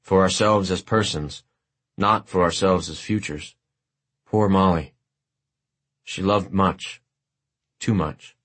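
A man reading a war memoir aloud as an audiobook narrator, in a measured, literary and wry way. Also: sits low, fairly bright tone.

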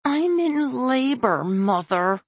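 A woman narrator voicing a young woman in labor who snaps through gritted teeth, pitching her voice much higher. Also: normal speed, no room sound, highs cut off. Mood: strained.

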